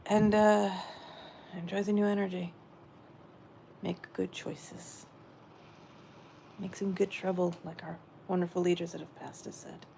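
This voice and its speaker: A woman giving a gentle, meandering spiritual message she says she is channeling, often repeating her phrases. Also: fairly low pitch, little pitch movement, brisk, vocal fry, a little hiss or hum.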